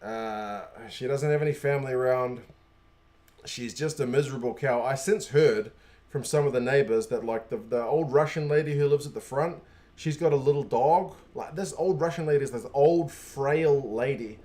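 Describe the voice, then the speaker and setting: Kiwi guy hosting a stream, ranting bout his neighbour, sarcastic, normal pitch. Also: normal speed, a little mellow. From New Zealand. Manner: venting, sarcastic asides. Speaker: stream host. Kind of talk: casual chat.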